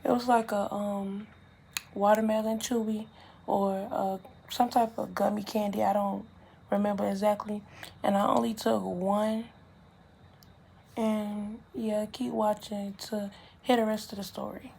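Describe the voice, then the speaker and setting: A woman's voice: mid-range voice, a little slow, gravelly. Young woman vlogger, casual rambling storytime, faint hum behind. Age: young adult. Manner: rambling, animated retelling with slang.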